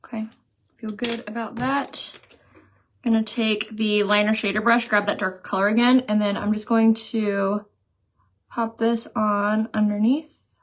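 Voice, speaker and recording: A woman's voice: mid-range voice, little pitch movement, a little slow. Chatty woman live-streaming her makeup. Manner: chatty, reads viewer comments aloud and tells stories. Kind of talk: casual live chat while doing makeup.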